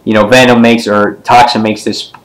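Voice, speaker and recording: A man giving a casual comic book review, retelling the story in a rambling way with many fillers and sometimes jumping up in pitch to act out a character's line. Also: level tone, moderate pace, low-quality recording. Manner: briefly acts out characters' lines with pitch jumps.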